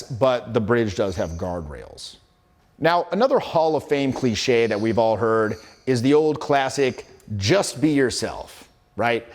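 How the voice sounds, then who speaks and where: A man in his forties coaching on social skills, talking casually and briskly to camera, telling stories with acted-out quotes and some swearing. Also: mid-range voice. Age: 40s. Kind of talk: casual teaching talk to camera.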